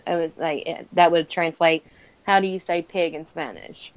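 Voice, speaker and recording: A woman chatting casually, talking in halting starts with frequent giggles. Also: lowish voice, fairly even intonation, a little hiss or hum, rough recording. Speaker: podcast co-host. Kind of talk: casual chat.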